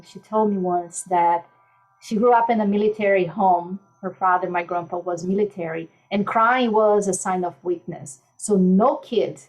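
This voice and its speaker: A woman life coach speaking gently and soothingly in a podcast interview, softly repeating calming mantras. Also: medium pitch, poor audio.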